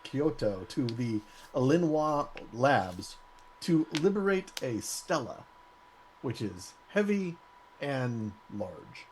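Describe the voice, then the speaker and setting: Lively-voiced man playing a tabletop game. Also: medium pitch, takes it slowly, slight background noise, poor audio. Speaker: player. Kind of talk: casual tabletop game chat.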